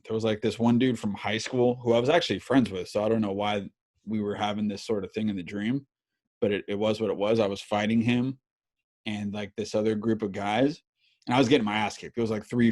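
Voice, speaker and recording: Brief: thirties male podcast host, lowish voice, loose and profane, animated storyteller. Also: a little fast. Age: 30s. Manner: animated, swears a lot, many fillers. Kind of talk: casual storytelling chat.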